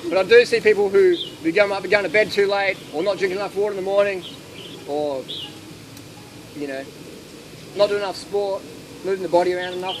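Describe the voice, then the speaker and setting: A man with a high, light voice chats casually through an audience Q&A, spinning lively anecdotes and voicing the people in them. The outdoor recording is full of steady background noise. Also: fairly quick, long pauses. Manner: anecdotal, animated, acts out quotes. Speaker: speaker answering audience questions. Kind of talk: casual Q&A talk. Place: outdoor festival.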